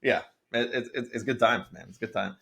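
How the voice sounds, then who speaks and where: A man's voice: fairly low pitch, brisk, vocal fry, fairly bright tone. A young man co-hosting a casual gaming podcast, laid-back and easygoing, often repeating himself. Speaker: podcast co-host.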